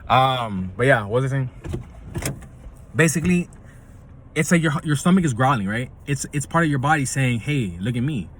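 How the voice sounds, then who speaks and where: A man's voice: mid-range voice, lively intonation, moderate pace, pauses often, fairly bright tone, a little hiss or hum, poor audio. A young man hosting, talking in a loose, slangy casual monologue and laughing often. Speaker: podcast host.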